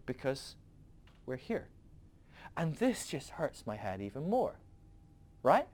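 A man hosting a podcast, talking through ideas in an animated, rambling way with frequent restarts. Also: fairly high pitch, measured pace, pauses often. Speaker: podcast host. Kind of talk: casual philosophical teaching.

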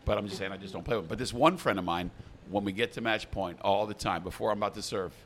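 A man in casual chat, brash and quick with banter. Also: on the low side, fairly bright tone, slight background noise. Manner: brash, fast banter, puts on voices. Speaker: podcast co-host.

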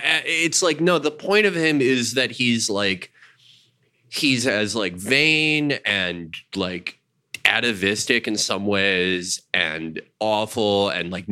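In a casual chat, a man whose voice sits on the low side sounds pushed and bright as he animatedly revisits old stories. He swears without restraint and acts out quoted lines, with Jewish identity given where a first language would be.

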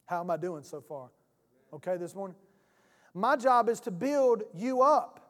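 Preacher guy, high-ish voice, folksy storytelling, big church echo. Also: normal speed. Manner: folksy, animated storytelling, acts out both sides of a phone call. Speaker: pastor. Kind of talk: sermon with storytelling. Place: church sanctuary. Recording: church hall reverb.

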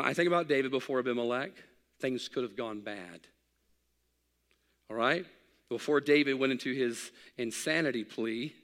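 A middle-aged man preaching a sermon as pastor, swinging from loud, excited exhortation to hushed, quiet reflection. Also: medium pitch, big-room sound.

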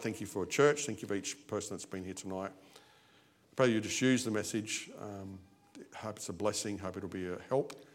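A man preaching an evening service sermon, animated, his voice swinging between loud and soft. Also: on the low side. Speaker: lay preacher. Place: church.

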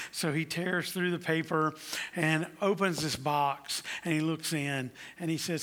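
Man, pastor, sermon, emphatic preaching, ringing bright tone. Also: a little high, unhurried. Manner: preaching with rising emphatic declarations.

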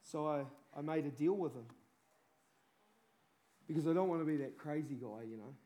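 A man's voice: a little high, moderate pace, mellow. A man preaching a sermon with fervent urgency, peppering it with casual slang.

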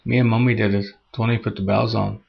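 Eager bubbly little girl, raised thin voice, husky grain, put on by a male narrator, dull lo-fi audio. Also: on the low side, flat delivery, fast talker, full character voice. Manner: eager, pleading. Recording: dull lo-fi recording.

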